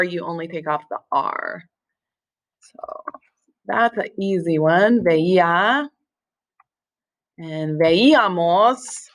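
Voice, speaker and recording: A woman talks through a language lesson at an easy, unhurried pace. Her voice sits at an ordinary middle pitch, and she explains patiently, with fillers and the odd slip. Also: a bit bright. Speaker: Spanish teacher. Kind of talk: recorded screen-share lesson.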